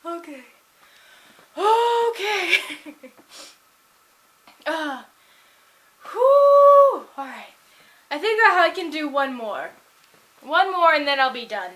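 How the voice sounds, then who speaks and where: High-voiced woman vlogging, giddy, laughing between bits. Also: lively intonation, moderate pace, bright, forceful tone. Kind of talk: casual to-camera vlog.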